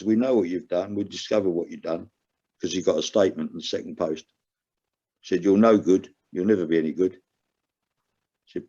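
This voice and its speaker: A man's voice: lowish voice, darkish tone. An older man with an earnest, emotional way of talking, telling his own story as a podcast guest. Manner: earnest, emotional, rises sharply when stressing a point. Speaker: guest, recovering gambler. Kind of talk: candid personal storytelling. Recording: dull lo-fi sound.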